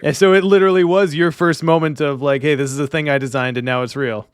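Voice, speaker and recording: A man co-hosting a podcast, chatting casually and dropping quick-witted interjections. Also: on the high side, fairly even intonation, clean tone, dry recording, clean studio sound. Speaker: podcast co-host. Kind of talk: casual chat.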